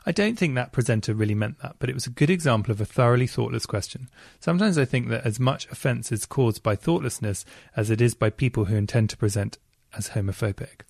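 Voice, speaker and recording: A chatty man co-hosts a podcast, reading listener emails in a playful, expressive way. His voice has a gravelly edge. He is recorded close on a dry, dead mic. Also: mid-range voice, fast talker, no echo. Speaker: podcast co-host.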